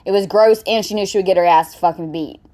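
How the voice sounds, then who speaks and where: A woman's voice: medium pitch, fast talker, dark tone. A woman venting angrily and cursing as she reacts to a clip. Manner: heated, profane, venting. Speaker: reaction vlogger. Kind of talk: angry reaction commentary.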